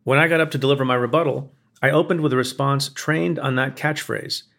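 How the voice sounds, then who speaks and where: A man, a former prosecutor, reading a scripted opinion essay in a measured, pointed way with building emphasis. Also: mid-range voice, fairly even intonation, creaky, a bit bright. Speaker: former prosecutor narrating commentary.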